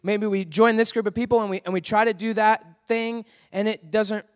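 High-voiced man preaching in a reverberant hall. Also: steady tone, moderate pace. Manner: conversational, storytelling, asks the crowd questions. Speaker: youth pastor. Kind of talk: sermon to students.

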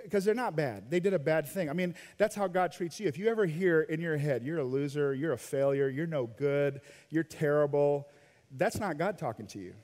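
A man preaching a sermon as a pastor, telling family stories with acted-out quotes and frequent laughter. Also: high voice. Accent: Midwestern American. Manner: animated storytelling, acting out quoted lines, laughs often. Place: church auditorium. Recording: long hall reverb.

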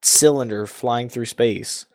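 A man hosting a casual gaming podcast, reacting in an excitable way and swearing often. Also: mid-range voice. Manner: excitable, profane, quick reactions. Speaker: podcast host.

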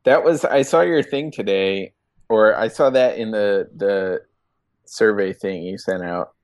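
Slow, hesitant low-voiced male co-host. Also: a little mellow, dry recording, clean studio sound. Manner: halting, hesitant. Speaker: podcast co-host. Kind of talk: casual tech podcast chat.

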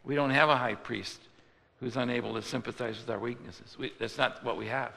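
Gravelly-voiced man preaching in a reverberant hall. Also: medium pitch, steady tone, fairly quick, bright, forceful tone. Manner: conversational preaching, voicing quoted speakers. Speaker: pastor. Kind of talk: sermon.

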